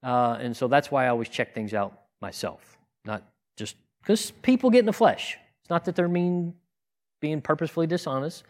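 A man's voice: fairly high pitch, normal speed. A man giving a conversational sermon, earnest and plain-spoken, asking rhetorical questions and often restarting his sentences. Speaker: teacher in a congregation.

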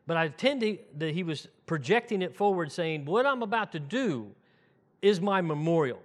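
A man preaching a conversational sermon, dropping his voice low and soft when he quotes scripture. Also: very animated, normal speed.

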